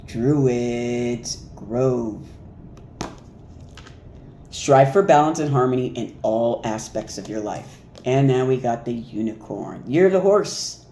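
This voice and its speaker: A man giving a casual, animated spiritual card reading, laughing and mimicking reactions as he goes. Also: mid-range voice, slow pace. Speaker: oracle card reader. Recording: echoey room with faint noise.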